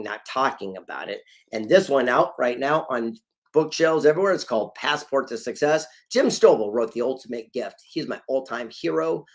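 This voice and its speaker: Male motivational speaker, gravelly mid-range voice, emphatic storyteller, video call. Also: medium pitch. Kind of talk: motivational talk.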